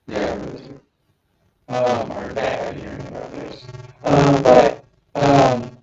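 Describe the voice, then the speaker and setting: A man's voice: mid-range voice, flat delivery, normal speed, vocal fry, darkish tone. A man co-hosting a podcast, rambling through his thoughts with many ums and restarts. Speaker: podcast co-host. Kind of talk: casual podcast discussion. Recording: distant, echoey, dull remote audio.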